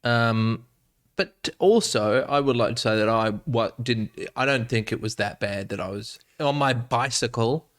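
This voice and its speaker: A man in mid pitch, talking as a guest on a comedy podcast. He tells stories with animated, self-deprecating energy. He often stumbles and restarts as he goes. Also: a little slow. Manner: animated, self-mocking storyteller with many restarts. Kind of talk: casual podcast chat.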